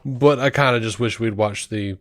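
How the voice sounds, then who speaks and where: A man's voice: mid-range voice, moderate pace, a bit bright, dry recording. A man co-hosting a podcast in casual chat, sleepy and laid-back, laughing often. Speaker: podcast co-host. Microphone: headphones and home mic.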